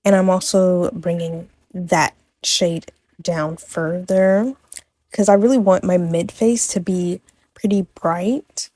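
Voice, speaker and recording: A woman's voice: on the low side, fairly even intonation, slow, dark tone, no echo. A young adult woman talking through a makeup tutorial in a casual, chatty way, tossing in playful asides and correcting herself as she goes. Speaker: makeup vlogger.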